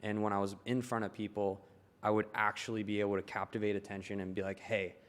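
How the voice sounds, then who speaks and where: A young man from Maryland, a tailor appearing as a podcast guest, chats casually and tells stories with animation, swearing and laughing as he goes. His voice is fairly low and quick, with a little hiss or hum in the recording.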